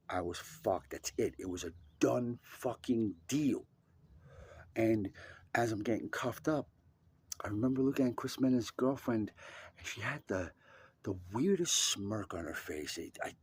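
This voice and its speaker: A man's voice: fairly low pitch, a little mellow, husky. A young man telling a rambling, profane personal story with many restarts. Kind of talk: casual storytelling.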